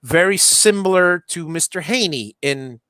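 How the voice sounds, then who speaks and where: A man's voice: sits high, expressive, unhurried, a bit bright, clear, resonant tone, no echo, studio quality. A man hosting a casual livestream, chatting while he solders, with many restarts and fillers. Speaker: livestream host.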